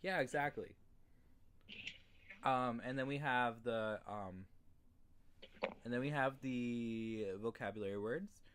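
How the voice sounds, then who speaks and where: Casual young male English tutor from New York State; easygoing, lots of fillers and throat clearing. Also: medium pitch, slow pace, long pauses, a bit bright, slight background noise. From New York State, USA. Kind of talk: casual online lesson.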